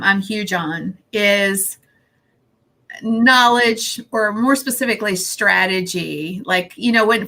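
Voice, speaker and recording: A woman's voice: mid-range voice, sharp tone. A woman hosting a podcast in casual interview conversation, reassuring and asking pointed questions. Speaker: podcast host.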